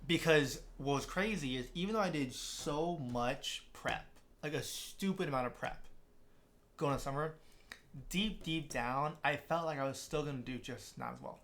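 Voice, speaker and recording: A man's voice: fairly high pitch, moderate pace, a bit bright. A young man, a podcast guest, telling a long story in casual chat, with many restarts, and acting out what other people said. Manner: rambling, many restarts, acts out quoted people.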